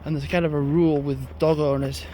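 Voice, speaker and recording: A man's voice: on the high side, level tone, a little fast, mellow, slight background noise. A young man, rambling casually to his phone while out on an evening walk uphill. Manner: rambling, chatty monologue. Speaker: vlogger. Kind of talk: casual walking vlog.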